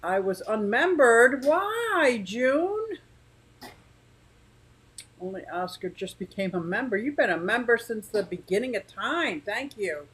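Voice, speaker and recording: A woman's voice: medium pitch, lively intonation, normal speed, few pauses, a bit bright, poor audio. A woman hosting a casual livestream from her living room, rambling chattily and greeting viewers by name. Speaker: aquarium channel host.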